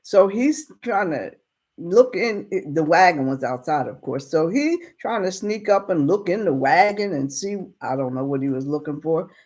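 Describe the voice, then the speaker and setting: A woman casually retelling a story in a colloquial, unhurried way. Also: fairly low pitch, expressive, a little mellow.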